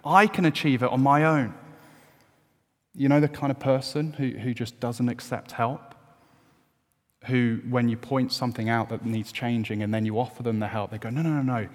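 A man's voice: on the low side, darkish tone. A man preaching a sermon, earnest and at times emphatic. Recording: long hall reverb.

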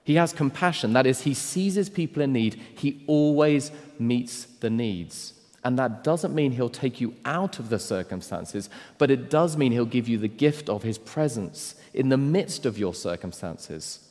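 A man preaching a sermon, moving between emphatic, raised declarations and quiet, hushed appeals. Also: medium pitch, animated, measured pace, hardly any pauses. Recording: long hall reverb.

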